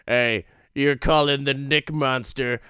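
A man's voice: medium pitch, steady tone, slow, sharp tone, smooth, dry recording, studio quality. A man voicing a cheesy boyfriend's answering-machine greeting in a showy, smarmy way.

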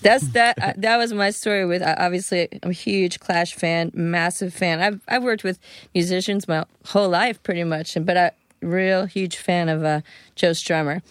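A woman's voice: on the low side, moderate pace, clean tone, no echo. A woman guest on a podcast, telling casual stories and acting out the dialogue in them. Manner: animated anecdotes with quoted dialogue. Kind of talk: casual storytelling chat.

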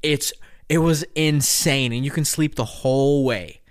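A young man co-hosting a casual podcast chat, rambling with lots of fillers and bursting into high laughs. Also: unhurried. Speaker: podcast co-host.

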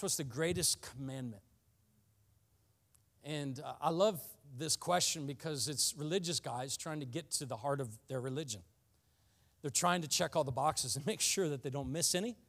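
A man preaching a sermon about fasting, earnest and often building to passionate emphasis, with frequent restarts. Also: a little high, vocal fry, fairly bright tone. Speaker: pastor.

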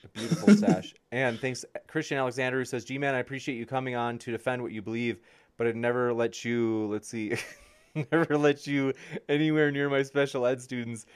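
A man's voice: mid-range voice, steady tone, a little fast, clean tone. Easygoing male livestream host. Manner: easygoing, chuckles while reading. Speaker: host and moderator. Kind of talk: reading chat questions on a livestream.

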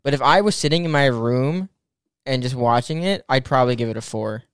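Young male co-host, mid pitch, clear and dry; hesitant, restarts often in casual review talk. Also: brisk, no echo. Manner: hesitant, restarts and stalls while weighing opinions. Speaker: podcast co-host. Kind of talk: casual movie review chat.

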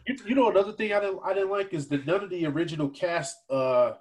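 A man co-hosting a casual podcast, easygoing and quick to agree while talking movies. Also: high voice, darkish tone. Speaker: podcast co-host.

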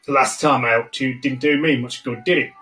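A man's voice: mid-range voice, fairly even intonation, brisk, pushed and bright, echoey room, faint music behind, natural voice. A man voicing a surly, one-eyed male bounty hunter captain who speaks bluntly and grudgingly. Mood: gruff.

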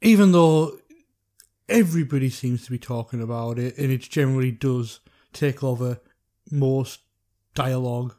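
Mellow-voiced man co-hosting a podcast. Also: medium pitch, moderate pace. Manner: laid-back, chatty, laughs easily. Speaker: podcast co-host. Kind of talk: casual podcast chat.

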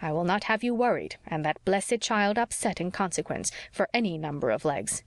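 A woman's voice: on the low side, animated, normal speed, no echo. A woman voicing a fussy, devoted older housekeeper woman who frets in a homely, old-fashioned way, read for an audiobook. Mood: fretful.

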